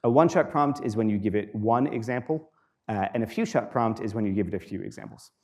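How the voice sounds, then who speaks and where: A man giving a university guest lecture in a relaxed, explanatory way, with frequent fillers, repeating students' questions aloud. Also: fairly low pitch, a little fast. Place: lecture hall.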